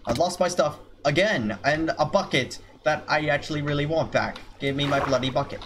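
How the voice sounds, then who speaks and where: A man's voice: on the high side, fairly quick, hardly any pauses, fairly bright tone, slight background noise. A man commentating his own gameplay, swearing nonstop and erupting into frustrated outbursts.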